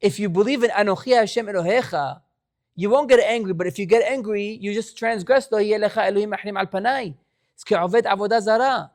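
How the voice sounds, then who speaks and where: Rabbi, male, fervent Torah class, shifts from soft pleading to forceful exhortation. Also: high voice, a little fast. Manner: impassioned, pleading, rising to exhortation; mixes Hebrew phrases into English.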